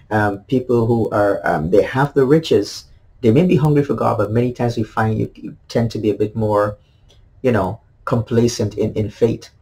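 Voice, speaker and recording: A man's voice: mid-range voice, a little mellow, husky, low-quality recording. A man, a pastor, giving a daily devotional sermon in an earnest way, repeating key phrases with many fillers.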